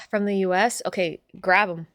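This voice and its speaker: A woman hosting a casual stream, chatting with viewers in an animated, sweary way. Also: lowish voice, takes it slowly, dry recording, studio quality. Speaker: streamer host.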